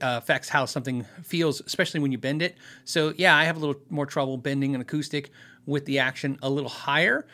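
A man with a fairly high, bright and forceful voice hosts a casual live Q&A. He rambles in an easygoing way, with plenty of fillers, restarts and short laughs. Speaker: livestream host answering viewer questions on guitars.

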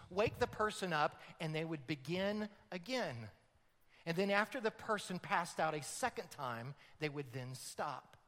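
A man preaching a sermon, dramatic and building to loud emphatic peaks. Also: high voice, long reverb tail. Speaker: pastor.

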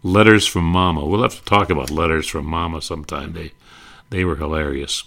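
An older man hosting a rambling, nostalgic talk, with frequent pauses and restarts. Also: rumbling low, fairly even intonation, a bit bright. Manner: rambling, many fillers and restarts. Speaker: host.

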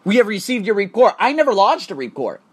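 A man's voice: high-pitched, sing-song, quick pace, breathy edge. A man hosting a podcast, ranting heatedly with lots of swearing and repeated phrases. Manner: heated, profane, repetitive ranting. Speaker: podcast host. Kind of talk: angry podcast rant.

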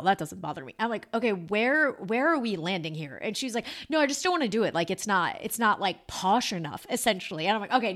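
A woman in her thirties hosting a podcast, telling a rambling story in a chatty, animated way full of fillers and asides. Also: medium pitch. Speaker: podcast host. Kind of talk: casual storytelling monologue.

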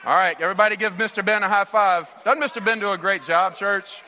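A man's voice: high voice, fast talker, pushed and bright, a little hiss or hum. A man pastor, asking children playful questions during a children's sermon in church. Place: church sanctuary. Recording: muffled church recording with long reverb.

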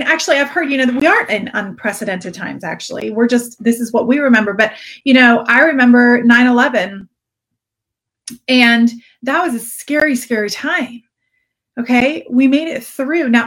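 A woman speaking in a slightly high voice, coaching her followers on a casual live stream. She talks earnestly and encouragingly, circling back to repeat her key points. Her delivery is warm in intent but plain and conversational. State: briefly teary-eyed. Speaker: direct sales coach. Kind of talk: Facebook live coaching talk.

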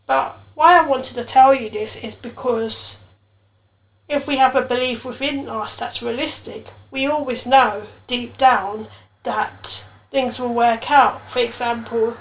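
A woman hosting her own podcast, telling a personal story in an earnest, reflective way, with emotional emphasis. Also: on the high side. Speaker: podcast host.

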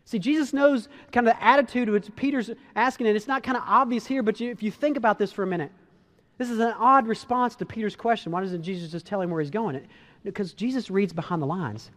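A man preaching a sermon as a pastor, talking in a conversational, animated way with frequent restarts. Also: high voice, fast, long reverb tail.

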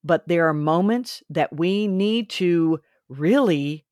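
A woman whose voice is on the low side hosts a podcast about faith and parenting. She talks earnestly and instructively, a little preachy, and the studio-quality audio has no echo.

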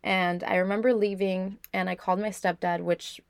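A woman's voice: mid-range voice, level tone, moderate pace, vocal fry, smooth, dry recording. Young woman, podcast host, candid and reflective storytelling, lots of "like", dry sound. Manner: candid, reflective, with frequent "like" fillers. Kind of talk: personal storytelling.

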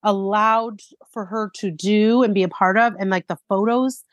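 A woman's voice: medium pitch, steady tone, moderate pace, no room sound, studio quality. A middle-aged woman co-hosting a podcast, chatting casually, her voice a bit sick from a cold, with lots of fillers and laughs. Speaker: podcast co-host. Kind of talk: casual chat.

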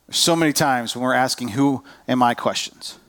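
A man's voice: medium pitch, moderate pace, a bit bright. A man preaching a sermon as a pastor, conversational and self-deprecating, acting out people's inner voices.

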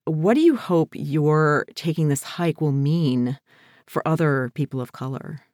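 A woman hosting a podcast, asking measured, thoughtful interview questions. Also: deep voice, a little mellow, no echo, studio quality. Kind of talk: interview questions and scripted outro.

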